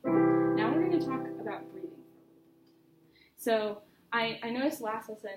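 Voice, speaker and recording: A woman's voice: a little high, animated, normal speed, loud music behind the voice. A woman voice teacher giving a private singing lesson, chatty and encouraging as she explains with vivid images. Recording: roomy studio with faint noise.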